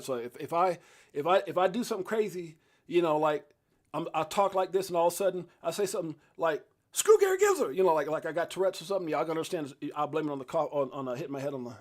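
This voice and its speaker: A man hosting a casual crypto live stream, rambling and chatty, laughing often and breaking into sudden loud excited bursts. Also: a little high. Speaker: crypto livestream host. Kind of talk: casual live-stream chat and market rundown.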